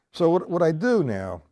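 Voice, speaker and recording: A middle-aged man runs a live drum lesson. He talks in a loose, chatty way, breaks each pattern down step by step and counts the beats out loud. His voice swings widely in pitch as he speaks. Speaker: drum teacher.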